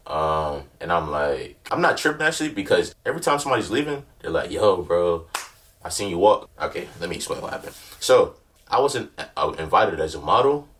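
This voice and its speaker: Laid-back young man, low voice, storytime. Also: fairly bright tone, distant mic. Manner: laid-back slangy storytelling with constant check-ins. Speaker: vlogger. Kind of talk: casual storytime.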